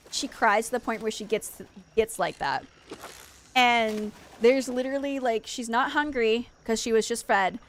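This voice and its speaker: Young woman streamer, a touch high-pitched, chatty and rambling, faint hiss behind. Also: fairly bright tone. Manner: rambling, heavy use of "like", frequent restarts. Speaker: streamer, host. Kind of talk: casual chat while playing a game.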